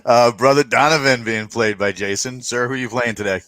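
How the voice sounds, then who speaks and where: A man's voice: medium pitch, fairly quick, a bit bright, dry recording. A man acting as game master who introduces players and narrates the scene in a loose, laughing way. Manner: loose, laughing, lots of fillers.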